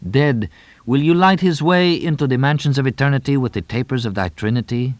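A man voicing a grieving young man who speaks slowly and solemnly, at times like a prayer. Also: medium pitch, dry recording, pitched above the performer's own voice, natural voice.

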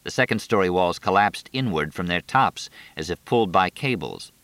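Deep-voiced male audiobook narrator. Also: lively intonation, moderate pace, fairly bright tone, dry recording. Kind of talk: scripted narration.

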